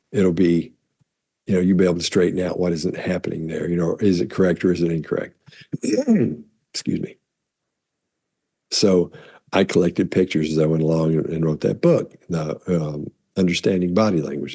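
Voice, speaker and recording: A man, a body language analyst, talking casually to camera and rambling through stories with restarts and throat clearing. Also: deep voice, dark tone.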